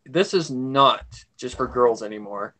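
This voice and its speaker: A man's voice: medium pitch, expressive, unhurried, a bit bright. A man hosting a casual livestream, rambling with enthusiasm about a cartoon as a devoted fan.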